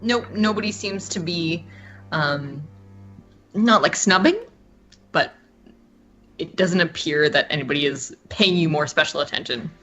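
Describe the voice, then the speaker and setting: A woman narrating a tabletop game as game master, relaxed and full of fillers and hesitations. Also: low-pitched, measured pace, long pauses, highs cut off, soft background music. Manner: relaxed, hesitant with many fillers, laughs easily.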